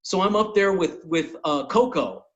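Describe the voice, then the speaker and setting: Middle-aged male comic host, lively storyteller, slightly higher voice. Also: moderate pace, poor audio. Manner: animated storyteller, acts out quotes. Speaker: podcast host and comedian. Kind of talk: casual storytelling.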